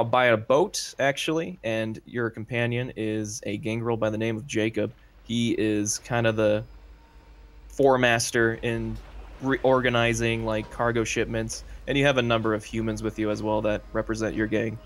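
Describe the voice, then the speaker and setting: A man's voice: lowish voice, creaky, a little hiss or hum. A man narrating as game master of a tabletop role-playing game, loose and full of fillers.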